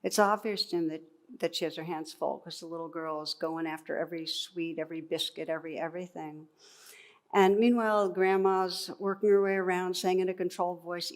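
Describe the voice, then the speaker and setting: A meditation teacher speaks with a fairly low, even voice as she gives a dharma talk. Her delivery is reflective and unhurried, with touches of gentle humor.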